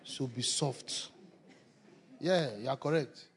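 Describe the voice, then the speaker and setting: A man preaching a sermon, animated and repetitive, often breaking into laughter. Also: mid-range voice, takes it slowly. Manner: animated, laughing, repeats phrases.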